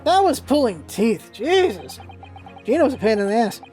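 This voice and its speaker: Woman host of a game voice-through; wry, casual asides with swearing, lively pitch. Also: moderate pace, faint music behind. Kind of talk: casual commentary between voiced lines.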